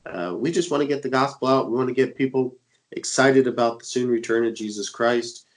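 A medium-pitched man speaks fairly quickly on a low-quality recording, his voice stuffy from a cold. He co-hosts a religious radio show out of the Dallas, Texas area as an internet evangelist, talking eagerly and using plenty of fillers.

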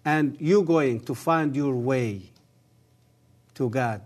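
Measured and solemn, a man appearing as a guest on the program offers earnest testimony and an appeal. His English is halting, with non-native grammar, and his voice is medium in pitch and a little mellow.

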